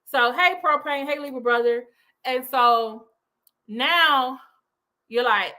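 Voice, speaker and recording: A woman's voice: high-pitched, slow, pauses often, bright, forceful tone. A woman hosting a reaction commentary, chatty and loose, with lots of fillers. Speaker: host reacting to a video.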